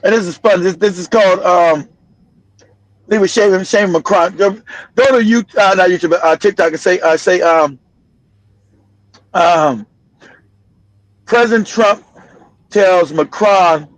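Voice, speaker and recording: A man's voice: high voice, measured pace, long pauses, no echo, low-quality recording. A man hosting a political commentary livestream, talking bluntly and profanely and laughing often. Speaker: livestream host.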